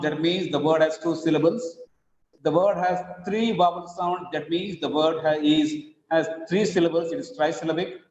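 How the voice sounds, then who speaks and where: A man teaching over slides, explaining slowly and repeating his examples. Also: a little high, darkish tone. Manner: slow, repetitive explaining with spelled-out examples. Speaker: English teacher. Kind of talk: recorded lecture over slides. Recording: echoey, dull lo-fi room recording.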